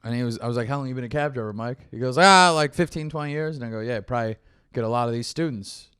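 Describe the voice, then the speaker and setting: A man's voice: medium pitch, quick pace, a bit bright, clear, resonant tone, dry recording, studio quality. A young man, a comedian co-hosting a casual talk show, telling a rambling anecdote and acting out both sides of the dialogue. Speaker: comedian podcast co-host. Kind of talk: casual storytelling chat.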